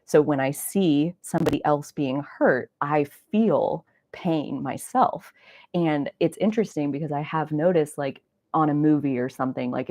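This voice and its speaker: Low-voiced woman chatting casually. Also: dry recording. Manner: rambling, animated storytelling with frequent "like" and mild swearing. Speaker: astrology podcast host. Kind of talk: casual solo chat.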